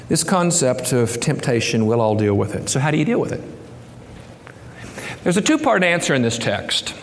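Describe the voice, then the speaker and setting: A man's voice: high-pitched, sing-song, normal speed, a bit bright. A middle-aged man preaching a sermon as pastor, earnest and building to impassioned, raised passages. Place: church sanctuary. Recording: reverberant hall, faint ambience.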